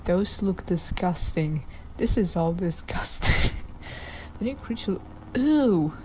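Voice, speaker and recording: A woman's voice: lowish voice, animated, slow, a little mellow, slight background noise, poor audio. Giggly woman reacting to a game. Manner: giggly, reacts with disgust and amusement. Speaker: gamer. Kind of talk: casual game playthrough, reading text aloud. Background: game music.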